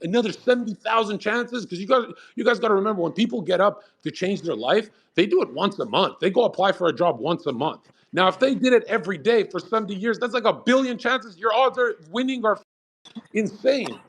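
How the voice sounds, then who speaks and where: A man's voice: sits high, animated, fairly quick, breathy edge. A man hosting a live audio chat, giving blunt, profane pep talks and arguing with callers. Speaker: host. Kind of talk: motivational talk on a live audio room.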